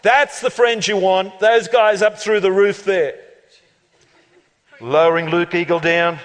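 A man preaching a lively, joking sermon as pastor of a church, laughing often and building to loud climaxes. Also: high-pitched, a little slow. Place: church auditorium. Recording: long reverb of a large hall.

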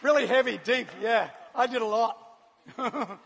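A man's voice: very high voice, a little slow, gravelly, a bit bright, some chatter behind, slight background noise. A man giving a personal testimony to a live audience, acting out scenes and laughing often as he tells the story. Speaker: guest speaker. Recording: long hall reverb.

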